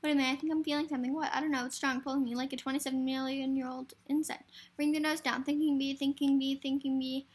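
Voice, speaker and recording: A woman's voice: high-pitched, flat delivery, racing. A woman reading a film script aloud for a variety show, hurrying through with stumbles and restarts.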